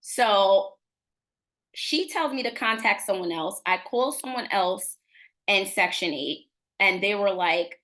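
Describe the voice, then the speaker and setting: A woman community advocate telling a personal story on a live webinar, animated and indignant, acting out the exchanges she quotes. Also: medium pitch, slow pace.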